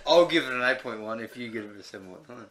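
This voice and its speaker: Lively, bright man needling his friends. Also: mid-range voice. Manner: playful, needling, laughs often. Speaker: podcast co-host. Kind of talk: casual chat. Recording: echoey room, faint noise.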